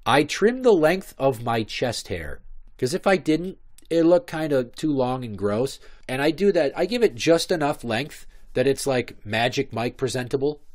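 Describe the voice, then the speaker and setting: A man in his thirties holds forth on a solo podcast. His voice sits in a middle pitch, and he swears freely as he rambles from one comic story to the next. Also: expressive, moderate pace. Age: 30s. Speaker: podcast host. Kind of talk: casual comic monologue.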